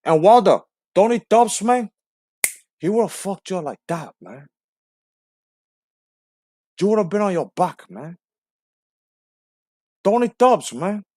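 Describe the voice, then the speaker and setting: A guy putting on a cocky cuban gangster voice, trash-talking, pitched up high, bone-dry sound. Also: animated, slow, pauses often, darkish tone, no room sound, full character voice. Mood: boastful. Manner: brash, taunting, ends phrases with "man". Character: swaggering foul-mouthed male Cuban gangster.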